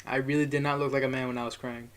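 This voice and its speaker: A man's voice: mid-range voice, flat delivery, very fast, clean tone. A young man telling a rambling, profane story in a casual monologue, chuckling as he goes.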